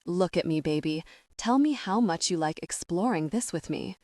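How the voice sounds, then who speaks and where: An intense, commanding man murmurs slowly in a romance audiobook, as a woman narrator voices him. The voice sits fairly low and the recording is dry and close. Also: animated, mellow, dry recording, lightly acted. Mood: intimate. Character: intense commanding man, a Navy SEAL lover.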